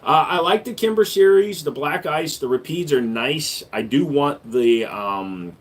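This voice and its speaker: A man hosting a casual livestream, answering viewer questions with a relaxed, joking manner that gets louder when he hypes up the chat. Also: fairly high pitch, unhurried. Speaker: livestream host and gun store owner.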